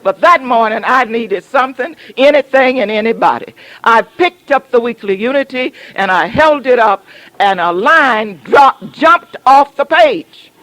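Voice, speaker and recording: Lively woman pastor preaching a sermon. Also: on the high side, a little slow, no echo, rough recording. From southern United States. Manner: humorous storytelling, teasing the congregation.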